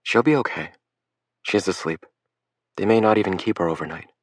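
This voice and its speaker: A man's voice: fairly quick, no room sound, recorded from a distance. Man doing a frantic crying mother. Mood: relieved. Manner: high, pleading, panicked.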